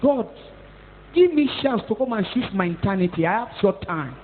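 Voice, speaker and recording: A woman's voice: medium pitch, animated, moderate pace, a little hiss or hum, voice pushed down, natural voice. A Nigerian-accented woman voicing a male goat that earnestly pleads with God for a chance. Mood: pleading. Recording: tinny phone-like echoey hall.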